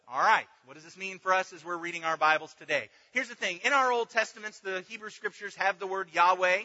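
A man with a rather high, very bright voice teaches a Bible class, explaining step by step and checking in as he goes. The sound is dull, and a long reverb hangs in the hall around him. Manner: explanatory, checks in with "okay" and "right".

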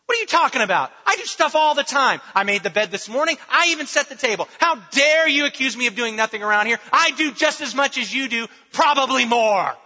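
A man's voice: extremely high pitch, racing, few pauses, bright, forceful tone, voice pushed up, full character voice. A man acting out a defensive spouse who snaps back in indignant protest. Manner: indignant, argumentative. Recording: dull recording with long hall reverb.

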